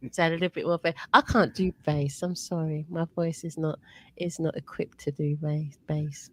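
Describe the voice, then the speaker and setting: A woman's voice: low-pitched, steady tone, moderate pace, a little mellow. A woman from London hosting a radio show, chatting playfully and giggling with her guest. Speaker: radio host. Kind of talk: casual radio chat.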